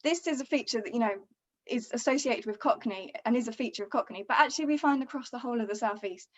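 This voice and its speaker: Linguist lady explaining stuff over a muffled call, bit high voice. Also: quick pace. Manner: fluent, explanatory, many fillers like you know and um. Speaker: linguist guest speaker. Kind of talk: explaining research on a webinar. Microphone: video call. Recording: dull video call audio.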